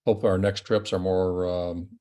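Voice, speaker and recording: A man who is a campus medical expert, giving modest, halting thanks on a video call. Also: deep voice, level tone, warm tone.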